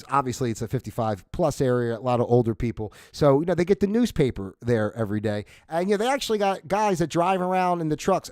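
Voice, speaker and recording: A man's voice: on the high side, no room sound, clean studio sound. A man from New Jersey hosting a casual livestream, ranting in a loose, profane way and laughing at his own jokes. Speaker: livestream host.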